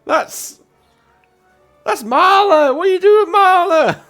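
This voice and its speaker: A man voicing an indignant hooded figure, loud and outraged, with a failed attempt at a Liverpool accent. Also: very high-pitched, animated, takes it slowly, soft background music, voice pushed up, exaggerated voice. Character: indignant hooded man caught out over his pie.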